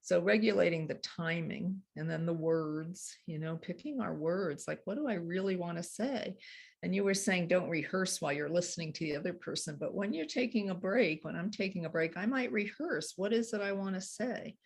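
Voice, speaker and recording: A woman coaching couples on handling conflict, explaining earnestly with soft laughs. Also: on the low side, normal speed, creaky, few pauses, breathy edge. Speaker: relationship coach. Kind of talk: teaching a couples workshop talk.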